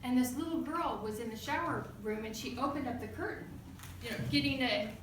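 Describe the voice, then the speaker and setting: A woman from the United States giving a storytelling speech at a club meeting, acting out a quarrel with sudden loud outbursts. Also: high-pitched, brisk, slight background noise. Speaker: club speaker. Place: meeting room. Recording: echoey room from far off.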